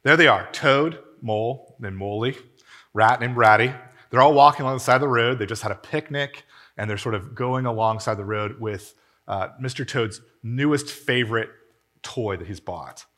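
A man preaching a sermon in a church, telling a story in an animated, conversational way. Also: mid-range voice, moderate pace. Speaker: pastor. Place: church hall.

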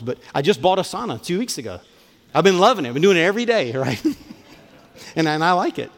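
A pastor preaching a sermon, earnest and emphatic, often dropping to a soft, tender tone. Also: male voice, a little high. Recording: long reverb of a large hall.

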